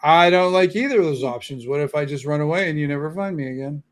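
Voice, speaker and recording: A man's voice: a little high, expressive, fast talker, lightly acted. A man voicing a stubborn young halfling street urchin who talks back.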